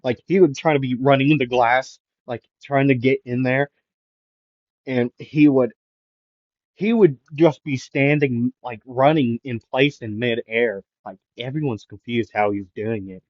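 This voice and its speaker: A man's voice: medium pitch, a little slow, dry recording. Rambling man telling a fan story. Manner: rambling, filled with "like" and restarts. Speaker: anime channel host. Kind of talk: improvised fan what-if storytelling. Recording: dull, lo-fi dry recording.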